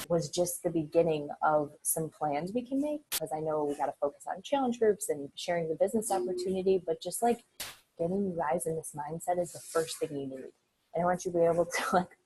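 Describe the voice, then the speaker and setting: A woman with a low, slightly husky voice talks her team through their goals. Her tone is mellow and candid, and she drops the odd swear as she fires them up. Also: low-quality recording. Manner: candid, fired-up pep talk with casual swearing. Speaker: team leader. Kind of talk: motivational group call.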